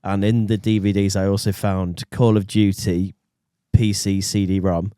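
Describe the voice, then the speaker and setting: Jokey low-voiced man hosting a podcast. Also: level tone, measured pace, mellow, smooth, no echo, clean studio sound. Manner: jokey, rambling, laughs often. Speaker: podcast host. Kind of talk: casual banter. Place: small podcast studio.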